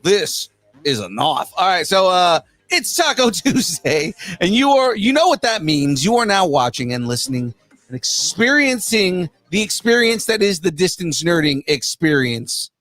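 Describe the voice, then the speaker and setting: A man's voice: sits high, very animated, moderate pace, fairly bright tone. A man co-hosting a casual podcast, playful and joking through an exaggerated show opening. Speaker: podcast co-host. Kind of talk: casual chat.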